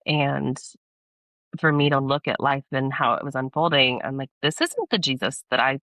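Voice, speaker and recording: A young woman from Texas, a podcast guest, earnestly telling a personal story in a casual interview, animated and laughing often. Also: a bass voice, normal speed, dry recording.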